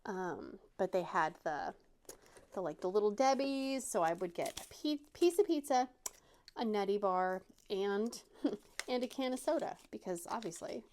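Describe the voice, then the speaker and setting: A woman's voice: medium pitch, animated, unhurried, darkish tone, slight background noise. A woman hosting a craft channel, telling a casual, self-deprecating story with many fillers and restarts.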